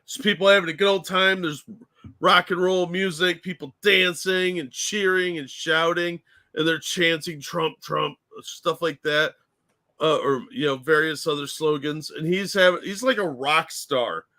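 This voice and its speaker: A man's voice: fairly high pitch, fairly even intonation, a little slow, sharp tone, no echo. A man co-hosting a casual political chat, blunt and mocking in tone. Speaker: co-host.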